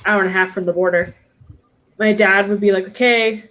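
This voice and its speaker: A woman's voice: mid-range voice, steady tone, normal speed, a bit bright, poor audio. Easygoing woman from Southern California. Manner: easygoing, mimics family members in a sing-song voice. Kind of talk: casual group chat on a video call.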